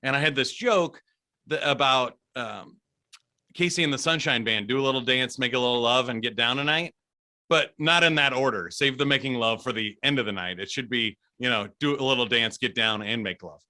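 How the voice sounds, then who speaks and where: Bright, animated man telling stories. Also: medium pitch, a little fast. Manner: animated, chatty, laughs often. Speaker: guest, DJ. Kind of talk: casual storytelling interview.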